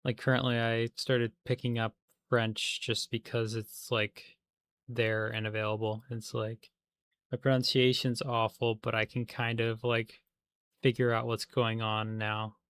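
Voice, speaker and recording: A man's voice: medium pitch, little pitch movement, a little slow, fairly bright tone, clean tone. A man chatting casually on a livestream while he plays a game, rambling with many fillers and restarts.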